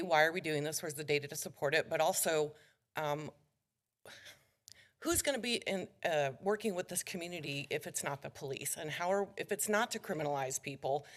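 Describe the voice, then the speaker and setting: A woman resident giving public comment in a council chamber, out of breath and urgent, pressing pointed questions. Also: sits low. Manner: urgent, questioning, somewhat jumbled.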